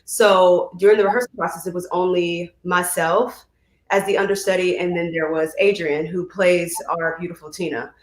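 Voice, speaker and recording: A young woman from Chicago, a musical theatre actress, chatting in an interview, animated and laughing as she demos vocal exercises. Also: fairly low pitch, normal speed, echoey room. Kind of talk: casual video interview.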